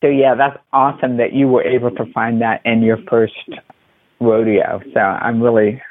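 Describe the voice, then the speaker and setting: A man hosting a podcast interview, effusive and emphatic, piling on warm praise for his guest. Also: medium pitch, flat delivery, normal speed. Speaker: podcast host. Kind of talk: conversational interview. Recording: thin phone-like line, dry.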